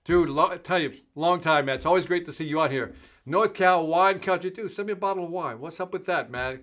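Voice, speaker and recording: Upbeat bright-voiced man hosting a livestream. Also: fairly high pitch. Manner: energetic, greets viewers by name. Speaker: host of a live sales show. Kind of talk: casual live-stream chat.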